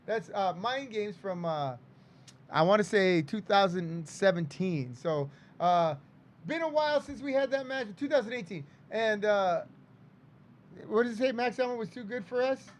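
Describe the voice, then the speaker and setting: A man's voice: sits high, lively intonation, normal speed. A man hosting and commenting on old wrestling footage in a casual, rambling way, with lots of fillers and jokes. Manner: rambling, filler-heavy, jokey. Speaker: host and commentator.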